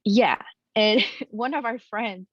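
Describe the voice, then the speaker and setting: A young adult woman telling a personal story as a guest, in a candid and animated way with many casual fillers. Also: a little high, slow, no room sound. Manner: animated, frequent "like" and "you know" fillers. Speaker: guest sharing her story. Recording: slightly muffled, dry recording.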